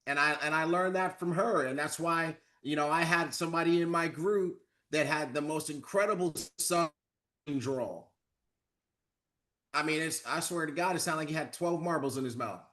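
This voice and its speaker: A man's voice: fairly high pitch, normal speed, bright, forceful tone. A man giving a motivational training talk, coaching his audience and acting out sample phone calls with lots of energy. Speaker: network marketing trainer.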